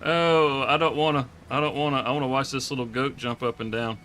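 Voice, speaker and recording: Bright-voiced joking man. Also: mid-range voice, steady tone, a little fast, few pauses, slight background noise. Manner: joking, laughs often, talks to game animals. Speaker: streamer. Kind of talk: live gameplay commentary.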